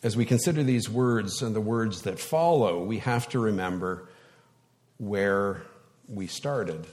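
A male pastor preaching a sermon in a slow, reflective way, with sudden loud words for emphasis. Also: on the low side. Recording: long hall reverb.

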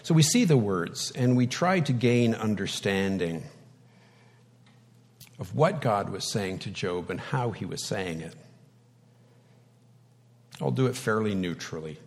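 A man preaching a sermon in a conversational way, with light humor, dramatic pauses and wide swings in loudness. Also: fairly low pitch, animated, big-room sound.

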